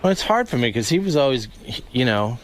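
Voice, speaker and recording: A man's voice: mid-range voice, big pitch swings, a little fast, noisy background. Modest male radio guest. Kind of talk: casual radio talk show chat.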